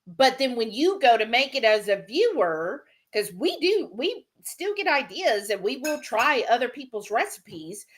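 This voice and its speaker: A woman's voice: high-pitched, big pitch swings, a little slow, few pauses. A woman co-hosting a live cooking stream, chatting casually and reading out viewer comments. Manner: chatty and laughing, lots of "like" and "y'all".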